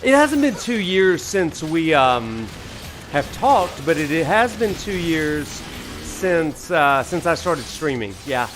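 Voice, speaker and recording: A streamer and professor from Alabama, USA greets his chat viewers enthusiastically during a live gameplay stream, speaking in a Southern drawl. His voice is a little high, a bit bright and very animated, yet slow. Faint game music plays behind him.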